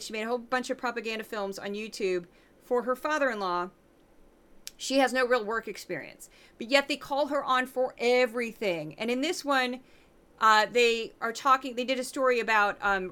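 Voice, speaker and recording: A middle-aged woman from St. Louis hosting a podcast, delivering sarcastic, animated commentary on news clips. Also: fairly high pitch, smooth. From Midwest, St. Louis. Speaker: podcast host.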